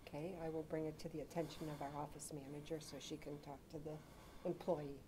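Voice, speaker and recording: A woman in a training seminar plays a staff member in a practice scene. Her voice is mellow and rather low, and she picks her words with polite care. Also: flat delivery, fast talker, a little hiss or hum, low-quality recording. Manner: careful, polite, a little hesitant. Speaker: seminar participant. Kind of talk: role-play exercise in class.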